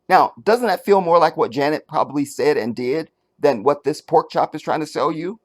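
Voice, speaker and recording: A man hosting his own commentary channel, talking in a casual, animated way and checking that the viewer is following. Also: on the high side, moderate pace, hardly any pauses. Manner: animated, talks straight to the viewer, asks if they follow; searches for words, many restarts and fillers.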